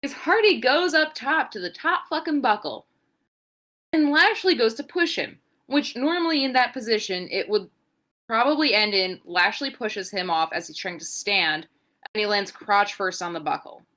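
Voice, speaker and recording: A woman's voice: a little high, expressive, moderate pace, fairly bright tone. A young adult woman co-hosting a podcast, giving a sarcastic, profane, rambling play-by-play recap. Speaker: podcast co-host. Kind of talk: casual wrestling recap.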